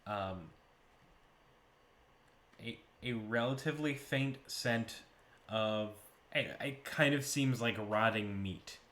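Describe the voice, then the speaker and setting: Slow, measured male game master. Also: medium pitch, fairly bright tone, echoey room. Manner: slow, measured descriptions with pauses. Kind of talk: narrating a tabletop game.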